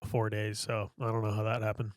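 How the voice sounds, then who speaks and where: A man on a podcast, talking in a quiet, low-key way. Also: completely flat delivery, brisk, dry recording, studio quality. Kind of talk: casual chat.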